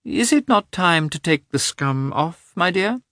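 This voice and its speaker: A man's voice: a little high, expressive, measured pace, no echo, studio quality, voice pushed up. A man voicing a fussy, genteel old Russian princess, a chatty mother in a storybook reading. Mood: fussing. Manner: genteel, chatty, gently bossy.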